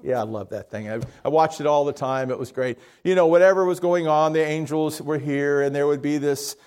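A man's voice: on the high side, a little fast, a little mellow, clear, resonant tone. A man preaching a conversational sermon, asking his congregation questions and correcting himself as he goes. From Miami area, Florida.

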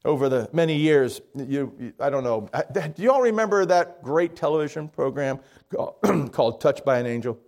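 A man's voice: fairly high pitch, animated, normal speed, darkish tone. A man preaching a conversational sermon, asking his congregation questions and correcting himself as he goes. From Miami area, Florida.

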